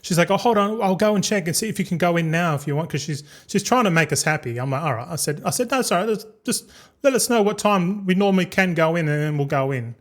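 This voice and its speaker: A man's voice: sits high, lively intonation, quick pace. A young man telling a long, rambling story as a streamer, repeating words and swearing casually.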